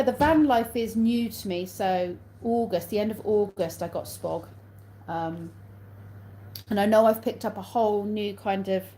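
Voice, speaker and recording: A woman's voice: medium pitch, warm tone, a little hiss or hum, poor audio. An English woman hosting a casual live stream on her phone, reading out viewer comments, answering them and laughing often. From England.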